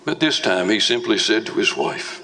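A man preaching a sermon as pastor, slow and emphatic, with dramatic swings in pitch. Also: animated, pushed and bright, a little hiss or hum. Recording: long reverb of a large hall.

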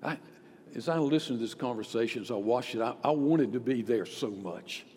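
A man's voice: mid-range voice, a little fast, darkish tone, slight background noise. A male pastor preaching a sermon with emphatic rhetorical questions. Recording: long hall reverb.

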